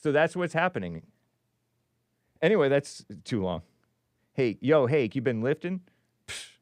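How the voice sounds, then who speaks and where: A man's voice: mid-range voice, very animated, a little slow, dry recording. A man hosting a call-in show, reading news aloud with sarcastic, rambling asides and chuckles. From California. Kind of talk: casual live-stream commentary.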